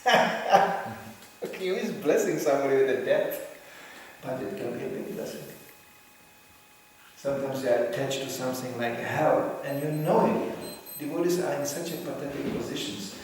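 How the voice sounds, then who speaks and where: A man giving an informal religious talk, animated and laughing often as he acts out the voices in his stories. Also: mid-range voice, normal speed. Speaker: spiritual teacher. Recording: echoey hall, distant mic, faint hiss.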